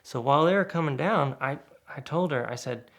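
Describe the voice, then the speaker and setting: A man telling a casual spoken anecdote in a lively way, acting out the other people's lines. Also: brisk. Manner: lively, acts out quoted voices with sudden pitch jumps. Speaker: guest storyteller.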